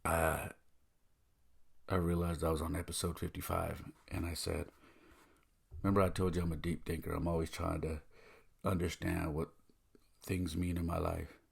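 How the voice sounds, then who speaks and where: A man's voice: deep voice, level tone, moderate pace, vocal fry, pauses often, slightly rough. A man hosting a podcast, sharing a personal story in an earnest, emotional way. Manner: earnest, emotional, thinking aloud. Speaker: podcast host.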